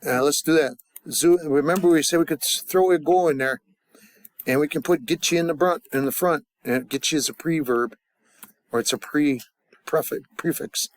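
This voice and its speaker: A man teaching a casual grammar lesson, talking in halting starts and restarts with fillers and joking asides. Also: a little high, no echo. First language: English. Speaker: language teacher.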